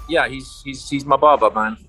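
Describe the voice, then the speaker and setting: A man speaking casually over a video call from a coffee shop, rambling warmly and using lots of fillers. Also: medium pitch, moderate pace, breathy edge, soft background music. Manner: warm-hearted, rambling, lots of fillers like you know. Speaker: actor guest. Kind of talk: casual interview.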